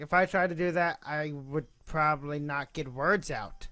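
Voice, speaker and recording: A man's voice: fairly high pitch, a bit bright, dry recording. Young male gaming host, reads the game aloud, goes off on self-mocking rambling tangents. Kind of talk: reading a visual novel aloud with commentary.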